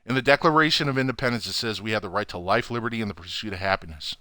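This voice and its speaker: A man hosting his own channel, ranting furiously to camera from home with heavy swearing and loud outbursts. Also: fairly low pitch, very fast, dry recording, clean studio sound. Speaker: channel host. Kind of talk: angry profane rant to camera.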